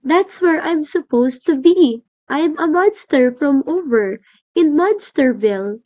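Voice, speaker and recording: A woman voicing a tiny, scared little male monster cub who talks in a squeaky voice. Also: animated, slow pace, a little mellow, lo-fi sound. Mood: timid squeaky.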